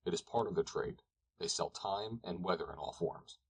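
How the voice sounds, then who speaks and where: A man narrating an audiobook, reading calmly and evenly. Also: deep voice, normal speed, breathy edge, low-quality recording. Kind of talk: scripted narration.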